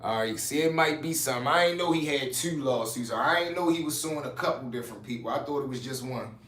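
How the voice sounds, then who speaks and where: A man's voice: mid-range voice, fast, fairly bright tone, distant mic. A man hosting a casual livestream. He talks loose and profane and speaks straight to his chat while he reacts to the news. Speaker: livestream host. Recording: roomy echo, faint noise.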